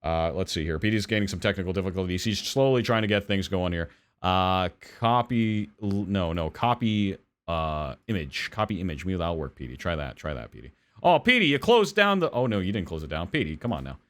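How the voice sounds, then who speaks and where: A man's voice: low-pitched, animated, a little fast, fairly bright tone. A man hosting a live-streamed podcast, chatting casually, rambling and swearing. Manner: rambling, swears, self-deprecating. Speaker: podcast host.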